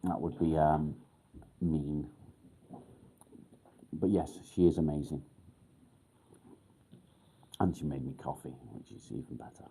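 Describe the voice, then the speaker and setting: Deep-voiced man chatting on a live stream. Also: slow, pauses often, a little hiss or hum. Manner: relaxed, rambling with many ums, swears casually. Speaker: livestream host. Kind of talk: casual live chat.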